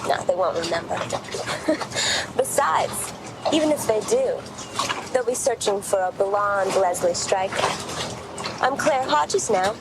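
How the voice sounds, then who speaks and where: A woman's voice: medium pitch, animated, slow, long pauses. An actress playing a scheming female jewel thief on the run, talking in a smug, gloating way in a 1990s TV drama clip. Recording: TV clip with background noise.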